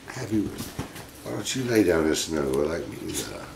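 A middle-aged man with a low, gravelly voice chats slowly and affectionately with his pet monkeys. He chuckles often and slips into gentle baby talk. The room echoes, and a faint hiss sits behind him. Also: very animated. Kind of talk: casual vlog talking to pets.

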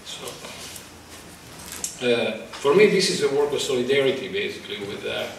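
Halting, passionate man in echoey room. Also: medium pitch, animated, gravelly, slight background noise. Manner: halting, searching for words, passionate. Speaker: photographer presenting his exhibit. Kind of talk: emotional public talk. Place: exhibit talk at a college, indoors. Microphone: microphone in front of him. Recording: echoey room, distant mic.

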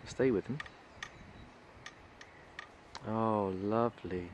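A man's voice: on the low side, moderate pace, long pauses, a little hiss or hum. A man filming outdoors in woodland, giving admiring, gushing commentary from behind the camera. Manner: gushing, admiring, murmured exclamations. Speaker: wildlife videographer.

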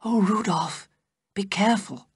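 A reader voicing a young princess in love for a storybook reading, speaking softly and half-whispered. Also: medium pitch, unhurried, slightly rough, no room sound, clean studio sound, pitched above the performer's own voice. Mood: anxious.

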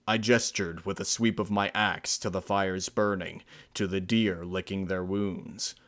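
A man narrating a dark fan-fiction story in a measured, grave storytelling manner. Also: sits low, steady tone. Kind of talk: dramatic fan-fiction reading.

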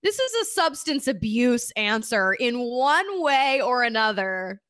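A woman's voice: on the high side, big pitch swings, a little slow, a bit bright, no echo, studio quality. A woman comedian guesting on a podcast, brash and playful, swearing freely in casual chat.

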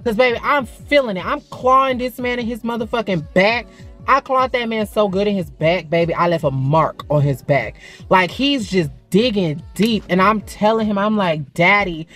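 A woman's voice: medium pitch, animated, normal speed, a bit bright, soft background music. A woman telling a frank, profane story in a casual vlog, chatting to viewers as "girl" and "baby".

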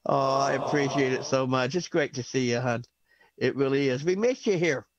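A man's voice: mid-range voice, moderate pace, dull audio. A man hosting an online comedy benefit over a video call, effusive and emotional, laughing often. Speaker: host of a comedy benefit show.

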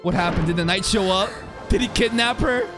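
A man giving live anime reaction commentary, excitable, swearing freely and bursting into shouts. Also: sits high, brisk, music in the background.

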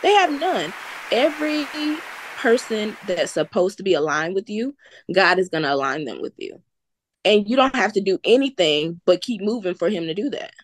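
A woman's voice: medium pitch, animated, normal speed, no echo. A woman from the American South, a guest entrepreneur, telling her story earnestly with faith in God. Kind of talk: casual interview talk.

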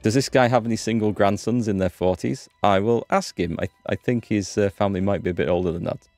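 A man's voice: on the low side, quick pace, a little mellow, no room sound, soft background music. A man hosting a gaming channel, chatting and thinking aloud as he plays. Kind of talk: let's-play commentary.

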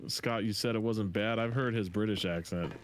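A man's voice: lowish voice, moderate pace, a little hiss or hum. A man in casual role-play banter, rowdy and laughing, swearing freely.

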